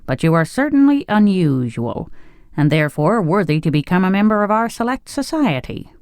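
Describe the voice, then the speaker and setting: A reader voicing a warm, formal male tin man who is an emperor, speaking in an effusive, courtly way. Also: medium pitch, big pitch swings, moderate pace, smooth, dry recording, clean studio sound, pitched above the performer's own voice. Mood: gracious. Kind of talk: audiobook character voice.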